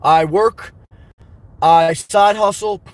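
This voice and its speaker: A man's voice: high-pitched, extremely slow. A man hosting a live stream, rambling and joking crudely as he reads out viewers' comments and laughs often. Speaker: livestream host.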